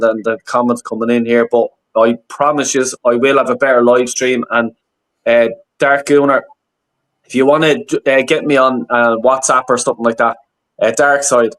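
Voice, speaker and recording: A man's voice: mid-range voice, fairly bright tone. A man hosting a casual football reaction live stream, blunt and swearing freely. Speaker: streamer host.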